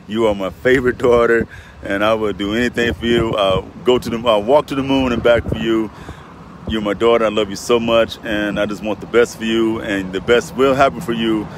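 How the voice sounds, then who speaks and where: A man's voice: fairly low pitch, fairly even intonation, a little fast. A middle-aged man talking on a casual live vlog outdoors by a lake near a road, rambling and heartfelt, often repeating himself. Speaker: vlogger. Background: faint road traffic.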